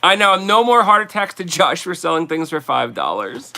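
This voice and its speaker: Jersey-accented male livestream host, fairly high, bright tone, rambling and chatty. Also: big pitch swings, moderate pace, gravelly. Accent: New Jersey. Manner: rambling, chatty, laughs often. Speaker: livestream host selling collectibles. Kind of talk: casual livestream chat.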